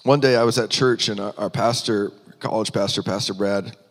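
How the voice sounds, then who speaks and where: A man's voice: fairly low pitch, fairly even intonation. Earnest man telling his testimony. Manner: earnest, halting storytelling with little laughs. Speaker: minister. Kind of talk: personal testimony in a sermon. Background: music.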